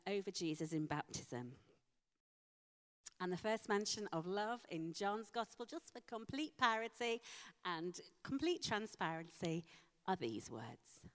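A woman preaching a sermon, slow and emphatic with dramatic pauses. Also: medium pitch. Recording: long hall reverb.

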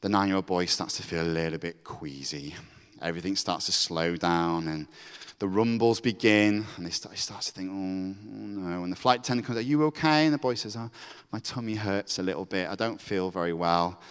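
A man's voice: low voice, fairly quick, clear, resonant tone. A man preaching a storytelling sermon, acting out the characters' voices as he goes. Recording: reverberant hall.

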